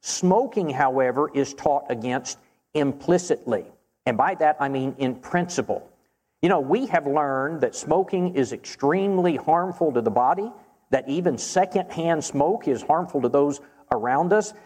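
A man's voice: fairly high pitch, darkish tone. Earnest preacher man in a reverberant hall. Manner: measured and earnest, slows to stress key phrases. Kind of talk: Bible question-and-answer sermon. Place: church auditorium. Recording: long reverb of a church hall.

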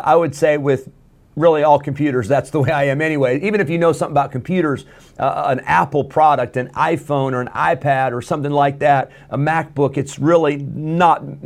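A man teaching a Bible lesson in a folksy, conversational way, with many fillers. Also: on the high side. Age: adult.

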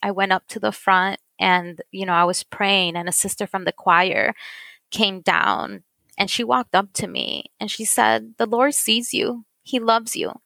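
A woman's voice: mid-range voice, fairly even intonation, measured pace, gravelly, bright, forceful tone, no room sound. A woman giving an emotional faith testimony in an interview, tearful and earnest, repeating phrases for emphasis. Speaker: guest sharing testimony.

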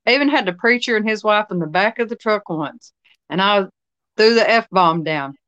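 A woman's voice: mid-range voice, moderate pace, a bit bright, no room sound, dull audio. Female guest, mid-range voice, dry close sound, easygoing and laughs often. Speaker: guest, healer and medium. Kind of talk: casual conversation.

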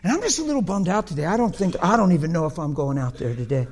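A man playing a dejected Jesus who talks in a low, weary, offhand mumble. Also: animated, fast. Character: downcast adult male Jesus, weary and bummed out.

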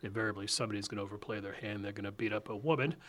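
Man, host, political interview, lowish voice, brisk and animated.

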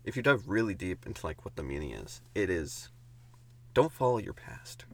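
A man improvising a comedic horror story as he goes, giggling often and dropping into a hushed whisper for the spooky parts. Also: deep voice, sing-song, moderate pace. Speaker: podcast co-host narrating an improvised story.

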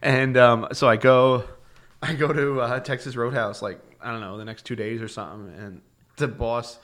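At a moderate pace and in a mid-range voice, a young man shares easygoing stories as a podcast guest. He's energetic, curses freely, and leans on lots of fillers.

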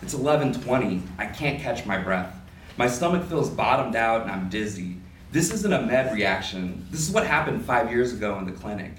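A man reading a first-person prose story aloud at a live literary event, with a lively storytelling manner. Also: mid-range voice, normal speed, a little hiss or hum. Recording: roomy hall, distant mic, faint ambience.

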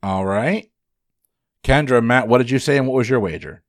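A man hosting a trivia podcast, running the quiz in brisk, upbeat patter. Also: mid-range voice, no room sound, clean studio sound.

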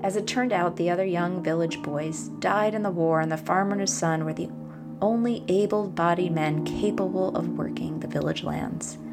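A woman podcast host speaking gently and encouragingly, reflecting and telling a fable, sometimes dropping to a whisper. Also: on the low side, steady tone, moderate pace, creaky. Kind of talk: reflective monologue with storytelling. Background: background music.

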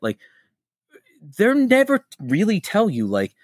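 A man's voice: sits high, unhurried, no room sound, clean studio sound. A middle-aged man hosting a podcast, telling stories in casual chat and acting out the quotes he tells. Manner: animated storyteller, acts out quotes. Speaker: podcast host.

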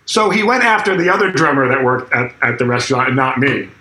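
A man's voice: medium pitch, animated, fast talker, sharp tone. A middle-aged man, a drummer, casually telling a story in an interview, acting out quotes and swearing freely. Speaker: guest drummer. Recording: echoey room with faint noise.

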